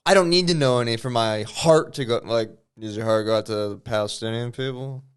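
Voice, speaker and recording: A man's voice: medium pitch, fairly quick, clean tone. A man co-hosting a comedy podcast in casual, laid-back chat. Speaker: podcast co-host.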